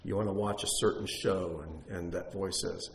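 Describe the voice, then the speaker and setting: A man teaching a congregation in an animated, conversational sermon, with self-deprecating asides. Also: low-pitched, moderate pace. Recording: echoey room, faint noise.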